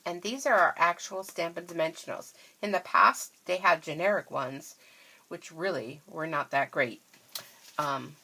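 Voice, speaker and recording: A woman who makes craft vlogs chats casually while unboxing, gushing and quick to get excited, though she sounds tired and yawns now and then. Her voice sits fairly low, with slight background noise.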